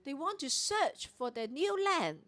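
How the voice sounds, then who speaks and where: A woman delivers a morning prayer sermon, teaching through a scripture passage verse by verse. Her voice sits high and swings widely in pitch, and she brings the characters' lines to life as she retells the story. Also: sing-song, unhurried, fairly bright tone.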